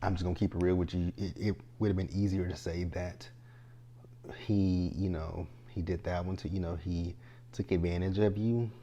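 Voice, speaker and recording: A young man giving a casual, animated recap of a TV episode, talking straight to the characters in exasperation. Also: sits low, normal speed, a little hiss or hum. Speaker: TV show reviewer.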